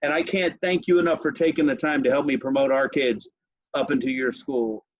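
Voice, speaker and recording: A man hosting a podcast, a profane and animated storyteller in casual chat. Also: mid-range voice, fairly quick, dry recording, highs cut off. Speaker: podcast host.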